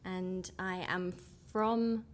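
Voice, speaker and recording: A woman's voice: fairly low pitch, fairly even intonation, extremely slow. A woman in her thirties from England with an Essex accent, chatting casually as a guest in an interview. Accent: Essex English. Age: 30s.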